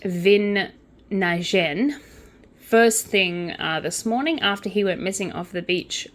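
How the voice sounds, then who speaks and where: A woman's voice: mid-range voice, slow. A young woman hosting a casual crochet and true-crime channel, reading news items aloud and adding chatty asides. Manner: chatty, with asides and quiet counting under her breath.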